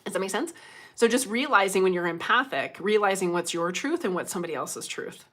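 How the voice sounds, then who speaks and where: Chatty bright-voiced woman livestreaming. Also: mid-range voice, lively intonation, a little fast. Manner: chatty, laughs often, reads viewer comments aloud. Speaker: livestream host. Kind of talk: casual livestream chat.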